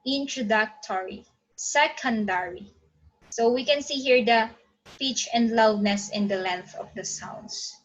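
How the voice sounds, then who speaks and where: A woman with a somewhat high voice teaches a phonetics lesson online. She keeps saying "okay" between points and stops now and then to find her place on the slides. The recording is muffled and lo-fi. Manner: frequent "okay" fillers, pauses to check slides.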